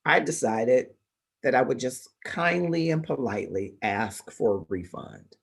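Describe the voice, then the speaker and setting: A middle-aged man from Detroit hosts his own livestream and tells a story straight to the camera. His voice is husky and mid-pitched for a man. He talks deliberately, with fillers and small restarts. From Detroit, Michigan. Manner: conversational, deliberate, with fillers and self-corrections. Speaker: livestream show host. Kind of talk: casual storytelling monologue. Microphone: livestream microphone.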